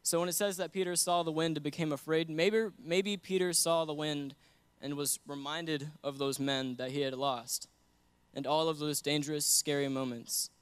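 A man's voice: a little high, fairly even intonation, moderate pace, clean tone, no room sound. A young man giving an earnest sermon that mixes scripture with a personal story, often laughing between points. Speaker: guest preacher.

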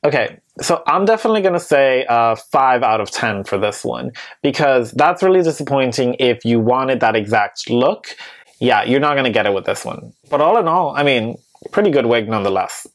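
A man's voice: medium pitch, expressive, normal speed. A man giving a casual, candid review on his vlog, chatty and hedging with many fillers, with playfully sassy asides. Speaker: beauty vlogger reviewing wigs. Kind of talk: casual product review chat.

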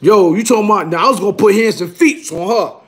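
A man telling a rough, profane story in a casual, animated way, punctuated by "you heard?". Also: sits high, fast. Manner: animated, repeats "you heard?", bursts into shouting.

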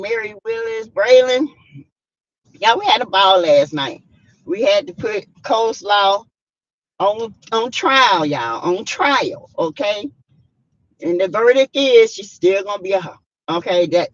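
This YouTube live host, a woman with a Southern American accent, has a slightly high voice and is heard in a dry recording with dull audio. Full of sass, she laughs often, reads out viewer comments, and greets viewers by name.

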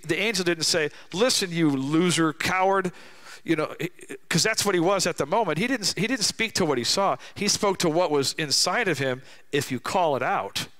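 A middle-aged man preaching a sermon as a guest speaker in a church. He talks emphatically and slows down to stress key lines. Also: a little high, a bit bright.

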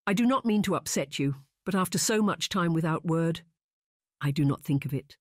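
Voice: medium pitch, expressive, moderate pace, no echo, studio quality, natural voice. Narrator doing a fretful, coaxing lady friend. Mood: earnest. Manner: earnest, coaxing delivery. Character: anxious, well-meaning female friend. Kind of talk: audiobook character reading.

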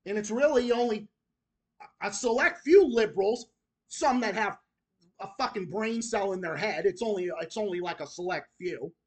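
A man's voice: sits high, moderate pace. Guy ranting at his haters, cursing nonstop, keeps saying the same thing over and over. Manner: profane, combative, repetitive. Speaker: channel host. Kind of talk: angry rant to camera.

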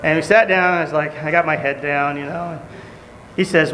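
A man preaching a sermon, telling a story with lively shifts and loud outbursts when he quotes people. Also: on the high side, brisk. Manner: animated storytelling, shouting in acted quotes. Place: church. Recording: echoey church hall, faint room noise.

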